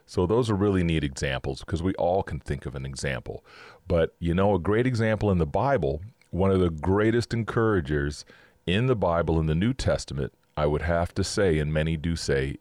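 Chatty deep-voiced man, dry close sound. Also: moderate pace, no echo. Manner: chatty, upbeat, laughs often, breaks into excited cheering. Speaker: podcast host. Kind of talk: casual Christian teaching talk.

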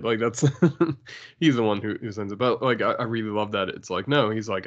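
A man chats about comics in a halting, casual way. He restarts his sentences and leans on fillers. The recording sounds dull and lo-fi. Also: lowish voice, fairly even intonation, fairly bright tone. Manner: halting, many fillers and restarts, laughs often. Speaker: podcast co-host. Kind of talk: casual comic-book chat.

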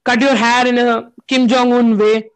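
High-voiced man in casual banter. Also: level tone, clear, resonant tone. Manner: quick, teasing, explains things to friends. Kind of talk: casual chat.

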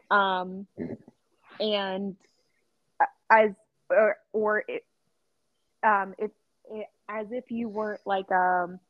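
A young woman telling a work story on a podcast, animated, laughing and acting out quotes with lots of fillers. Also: on the high side, no room sound. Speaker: podcast co-host. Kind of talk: casual storytelling chat. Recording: slightly dull dry sound.

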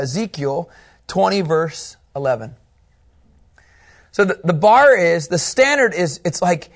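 A man teaching a Bible class, animated and asking his students questions as he goes. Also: high voice.

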